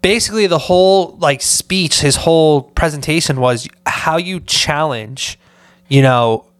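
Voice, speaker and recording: A man's voice: a little high, a little slow, clean tone, no room sound. A man hosting a casual solo podcast, tired and drained, rambling with lots of fillers and asking "right?". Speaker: podcast host.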